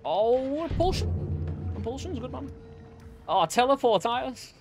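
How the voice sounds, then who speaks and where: Over background music, a young Englishman with an extremely high, very animated voice talks through his gameplay at an unhurried pace. He rambles, jokes around, and pokes fun at himself throughout the stream.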